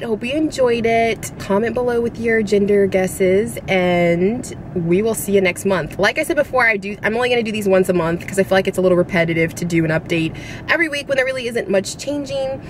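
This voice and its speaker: Young woman, chatty vlog host, slightly breathless, mid-pitched, noisy hum behind her. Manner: rambling, giggly, confiding, with lots of fillers. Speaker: vlogger.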